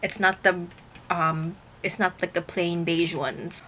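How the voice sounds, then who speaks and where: A young woman talks straight to her camera from a small bedroom, her voice bright and forward. She gushes and gets emotional, filling her talk with likes and ums. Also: on the low side, flat delivery, slow. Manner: gushing, emotional, fillers and many likes. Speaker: YouTuber reacting to a music video. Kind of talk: casual chat to camera.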